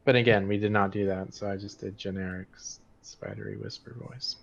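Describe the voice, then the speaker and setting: A man narrating as dungeon master in a relaxed, hesitant, joking way. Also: on the low side, fairly quick, creaky. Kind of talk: narrating a tabletop game. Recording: dull lo-fi stream audio.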